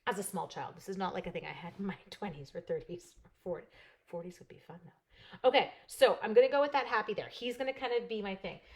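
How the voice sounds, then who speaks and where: This woman in her forties talks fast in a mid-range voice, chatty and bubbly. She tells stories and laughs while demonstrating a papercraft project in a casual live crafting demo.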